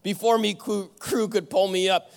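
Man doing a gruff old pirate captain, growly sea-dog talk, loud and high, long hall echo. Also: fairly even intonation, normal speed. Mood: boastful. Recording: long church hall reverb.

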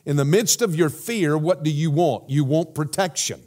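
Pastor, male, slightly higher voice, delivering a sermon with a deliberate, emphatic cadence. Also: darkish tone. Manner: measured, emphatic preaching with repeated phrases and rhetorical questions.

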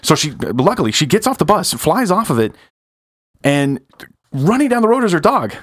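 Man telling a long joke slowly. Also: fairly high pitch, very animated, no room sound, clean studio sound. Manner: drawn-out storytelling with pauses. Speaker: podcast co-host. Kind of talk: casual joke-telling chat.

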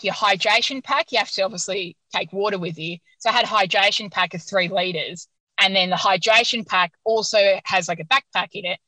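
A woman guest on an interview podcast, telling a story in an animated, casual way and laughing often. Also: mid-range voice, no room sound, rough recording.

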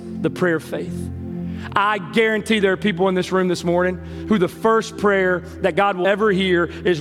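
A man preaching a sermon as pastor to his congregation, with passionate rising and falling emphasis. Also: high voice. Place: church sanctuary with congregation. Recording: long hall reverb with faint music.

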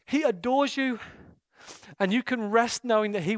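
A man preaching an impassioned sermon and leading prayer in a church, his delivery swinging between hushed intensity and loud, fervent bursts. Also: very high-pitched, normal speed, pauses often, no echo. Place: church meeting room.

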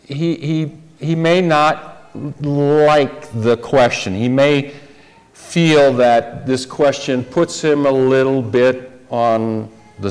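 A male preacher delivering a sermon, talking deliberately and putting rhetorical questions to his listeners. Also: medium pitch, clean tone. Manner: deliberate, rhetorical questions to the congregation, repeats words.

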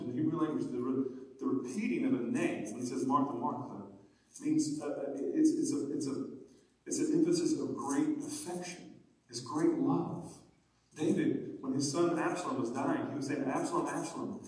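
High-voiced pastor preaching, really echoey church, mic kinda far off. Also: male voice, a little fast. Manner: animated, rising to emphatic preaching. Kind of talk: sermon.

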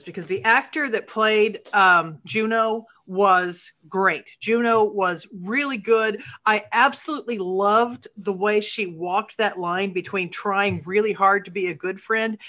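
A woman's voice: medium pitch, sharp tone. A woman co-hosting a casual chat, frank and outspoken in her opinions. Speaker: podcast co-host.

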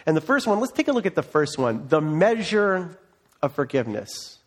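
A man's voice: a little high, big pitch swings, moderate pace. A man preaching a sermon as pastor, earnest and conversational, opening in prayer.

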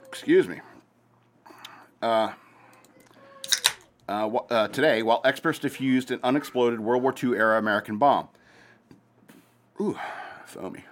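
A man's voice: medium pitch, a bit bright. Man reading news with sarcastic asides. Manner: reads headlines aloud and breaks off with sarcastic asides; hesitant, many fillers and restarts while reading. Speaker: commentary show host. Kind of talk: casual news commentary.

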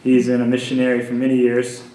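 A man casually introducing a speaker to a group, relaxed, full of fillers, and joking. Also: mid-range voice, fast, recorded from a distance, a little hiss or hum. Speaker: community leader introducing the speaker. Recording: echoey room, voice off-mic.

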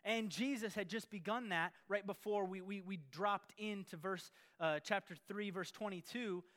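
A man preaching a sermon in an energetic, playful way, with sarcastic asides. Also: sits high, moderate pace.

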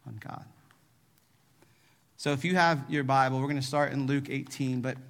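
A man preaching a sermon, telling a personal story in an animated, self-deprecating way. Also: on the high side, in a large hall. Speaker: pastor.

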